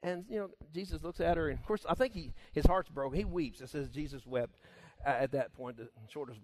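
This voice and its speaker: A man preaching a sermon in a conversational, animated way, acting out scenes and chuckling along. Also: on the high side, a little fast.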